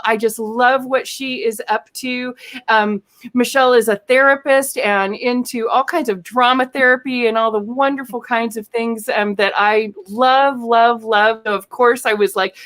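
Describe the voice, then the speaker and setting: A woman hosting an online talk show, introducing guests in a chatty, enthusiastic way with frequent pauses to search for words. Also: a little high, fairly bright tone. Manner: chatty, enthusiastic, many um fillers. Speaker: host.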